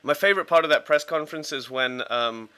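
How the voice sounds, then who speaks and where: A man's voice: medium pitch, fairly quick, bright, forceful tone, clear, resonant tone. A man casually telling sports stories on a podcast, rambling with fillers and restarts. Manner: rambling with many fillers and restarts, acting out quotes. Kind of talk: casual storytelling.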